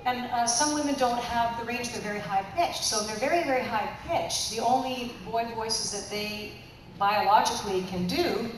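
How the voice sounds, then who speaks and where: A woman's voice: fairly high pitch, moderate pace. Woman voice actor, playful convention panel talk, distant mic, very echoey hall, noisy. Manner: animated, playful, slips into character voices. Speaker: voice actor and voice director.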